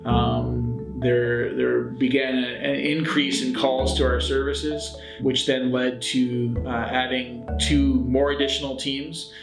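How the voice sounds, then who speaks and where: Flat-voiced man, roomy sound. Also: medium pitch, vocal fry. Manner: measured, hesitant with fillers. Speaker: shelter program manager. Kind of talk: documentary interview. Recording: roomy with guitar music over it.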